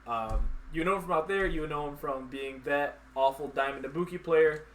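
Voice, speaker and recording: A man's voice: a little high, moderate pace. Rambling man hosting a live show. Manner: loose, rambling, lots of fillers and "like". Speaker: host. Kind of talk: casual live-stream interview.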